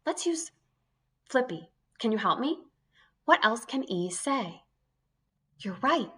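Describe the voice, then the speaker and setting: A woman's voice: fairly high pitch, very animated, slow pace, fairly bright tone, slightly rough. A woman teaching an early reading lesson to young children, sounding out letters one by one in an encouraging way.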